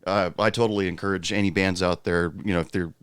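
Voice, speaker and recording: A man with a very low, deep voice hosts a casual podcast interview, easygoing and quick to laugh, his speech loose with fillers. The sound is dry and close, with no room echo. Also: fairly even intonation, clean tone. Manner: laid-back, laughs often, fillers. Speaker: podcast host.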